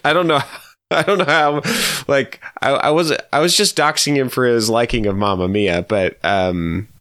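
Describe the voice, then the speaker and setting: Co-hosting a podcast indoors at his home vineyard, a man chats casually but hesitantly, with lots of fillers and giggles. His medium-pitched, fairly bright voice has even intonation and moderate pace, captured as clean studio sound with no echo.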